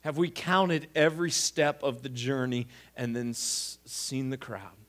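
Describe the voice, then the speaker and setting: A man preaching a sermon, swinging between quiet, intimate lines and loud, emphatic ones. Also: mid-range voice, unhurried. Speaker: pastor.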